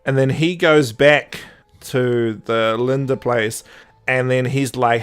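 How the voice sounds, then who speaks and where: A man's voice: mid-range voice, fairly even intonation, takes it slowly, clear, resonant tone. A young man co-hosting a podcast, rambling and sarcastic in casual chat, laughing often. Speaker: podcast co-host.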